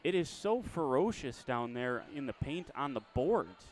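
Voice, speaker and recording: Male play-by-play caller for a school basketball game, mid-pitch, chatty, self-correcting, faint gym noise behind. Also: sing-song, a little slow. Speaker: play-by-play announcer.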